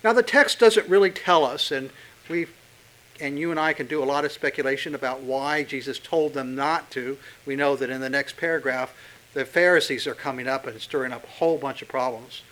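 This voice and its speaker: A man preaching a sermon, pressing hard on key words and dropping to a hush when quoting Scripture. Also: medium pitch, fairly quick, low-quality recording. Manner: emphatic, swinging from loud stresses to hushed quotes. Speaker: pastor.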